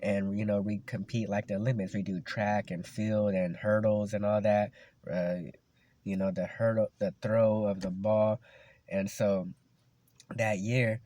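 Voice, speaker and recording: A man's voice: on the low side, level tone, measured pace, dark tone, no echo. A young man casually telling a story from his school days, talking in loose slang with lots of "like" and "you know".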